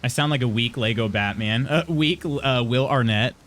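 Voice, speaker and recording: A man in his thirties with heavy vocal fry, casually chatting with his live-stream audience, laughing often and restarting his sentences. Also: mid-range voice, moderate pace, a bit bright. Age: 30s. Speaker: streamer reading chat.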